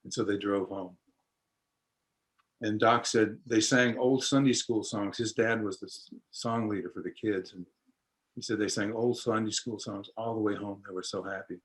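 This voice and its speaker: Low-voiced man telling a folksy story. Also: steady tone, low-quality recording. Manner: unhurried folksy storytelling, acting out voices lightly. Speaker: storyteller and musician.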